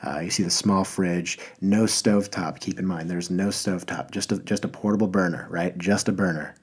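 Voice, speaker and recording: A man's voice: deep voice, fairly even intonation, moderate pace, husky. A man hosting a podcast, talking in a rambling, enthusiastic way with lots of fillers and restarts. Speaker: podcast host. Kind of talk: casual podcast monologue.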